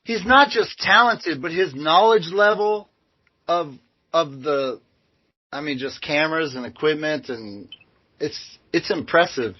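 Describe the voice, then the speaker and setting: Hesitant high-voiced man giving thanks. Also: a little slow, slightly rough, no room sound. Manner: hesitant, many "uh" fillers, grateful. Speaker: co-host. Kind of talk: casual chat on a video show. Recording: muffled lo-fi audio.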